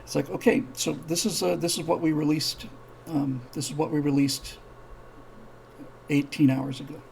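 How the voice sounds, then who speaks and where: A man's voice: fairly high pitch, little pitch movement, normal speed, gravelly, a little mellow, a little hiss or hum, poor audio. A man hosting a live-streamed show, telling a story in a casual, rambling way, with many restarts, and acting out the characters' dialogue. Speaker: show host.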